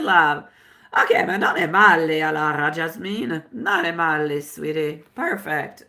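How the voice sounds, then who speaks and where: A woman with a low, unhurried, sharp-toned voice does a tarot reading on a live stream. She's chatty and affectionate, slipping in Italian phrases as she answers viewers.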